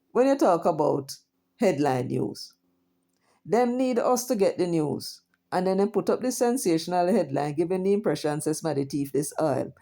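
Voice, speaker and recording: Jamaican lady reading the news n chatting over it, low warm voice, lots of asides. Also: vocal fry. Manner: chatty, reacts aloud with asides and rhetorical questions. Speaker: news commentary host. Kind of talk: reading headlines with casual commentary.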